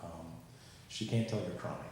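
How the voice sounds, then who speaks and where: A man in his forties doing a stand-up comedy set, with a dry, self-mocking delivery and dark punchlines. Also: low-pitched, steady tone, normal speed, heavy background noise. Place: comedy stage before a live audience. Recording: very echoey live room.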